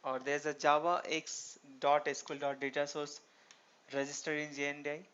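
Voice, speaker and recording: A man's voice: on the high side, level tone, moderate pace, a bit bright, clear, resonant tone. A man teaching a programming tutorial, explaining step by step and asking himself rhetorical questions. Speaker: programming instructor. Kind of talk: screen-recorded tutorial lecture. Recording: dull lo-fi recording.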